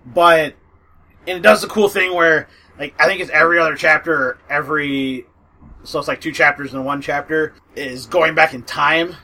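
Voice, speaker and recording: On a low-quality recording, a man with a sharp, higher-pitched voice chats casually about fantasy audiobooks he recommends. He rambles with fillers, swears, and laughs often.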